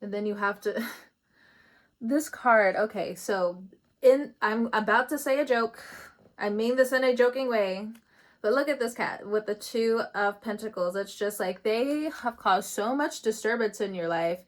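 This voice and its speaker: A woman's voice: a little high, measured pace. A woman doing a casual tarot reading. She talks in a chatty, loose way, laughs often and swears casually. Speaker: tarot reader.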